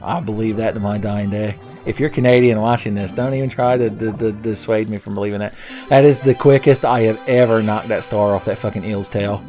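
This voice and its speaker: A man's voice: fairly low pitch, steady tone, brisk, warm tone, soft background music. Sarcastic young man commenting on gameplay. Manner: sarcastic, profane, rambling jokes. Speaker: let's play host.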